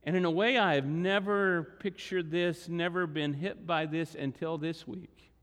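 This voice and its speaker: High-voiced man preaching in a reverberant hall. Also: fairly even intonation, a bit bright. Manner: dramatic retelling with acted quotes, slowing for emphasis. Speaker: pastor. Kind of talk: sermon. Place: church sanctuary.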